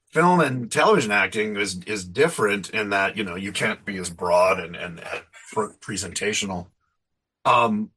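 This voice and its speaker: A man's voice: mid-range voice, pushed and bright, breathy edge. A man in his fifties, an interview guest, chatting casually with a rambling, self-deprecating manner and frequent laughs.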